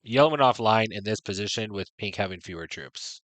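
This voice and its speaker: A man's voice: fairly low pitch, expressive, fairly quick, fairly bright tone, no echo. A man streaming a strategy game, giving frank, chatty commentary full of "right?" and "you know". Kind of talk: casual gameplay commentary.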